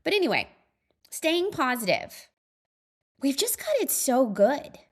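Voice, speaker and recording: A woman's voice: high-pitched, very animated, unhurried. A woman in her thirties hosting a podcast alone, talking in a chatty, earnest way with many fillers and frequent small laughs. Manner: reflective, earnest. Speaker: podcast host. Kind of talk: casual solo monologue.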